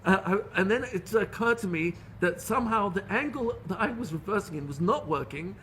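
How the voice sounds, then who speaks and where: A middle-aged rabbi giving a Torah lecture, telling stories in an earnest, animated way with frequent restarts. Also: male voice, high voice, brisk, a little hiss or hum. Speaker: rabbi teaching a class.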